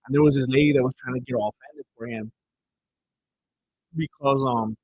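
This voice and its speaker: A man's voice: mid-range voice, steady tone, normal speed, darkish tone, husky, lo-fi sound. A man streaming a fight watch-along, chatting casually and rambling through stories between reactions. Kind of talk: casual live commentary.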